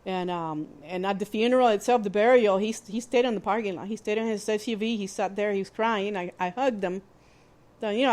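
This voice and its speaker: A woman hosting a podcast, telling a personal story in a candid, plainspoken way, with halting restarts and fillers. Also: medium pitch, a little mellow. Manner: candid and plainspoken, with mild swearing. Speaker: podcast host.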